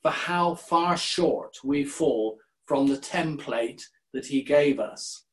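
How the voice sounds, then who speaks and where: An older man, a minister, giving a sermon in a measured, deliberate way and quoting scripture. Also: fairly high pitch.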